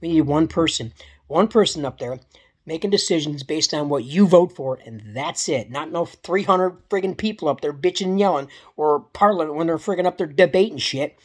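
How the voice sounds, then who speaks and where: Woman, low voice, profane, repetitive vlog ranter. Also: normal speed. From Canada. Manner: heated, profane, repetitive, with many restarts. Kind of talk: casual political rant vlog.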